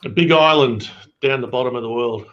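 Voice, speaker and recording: A man's voice: medium pitch, fairly quick, a bit bright, roomy sound. An Australian man on a video call, trading joking, teasing banter in casual chat. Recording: dull, lo-fi call audio.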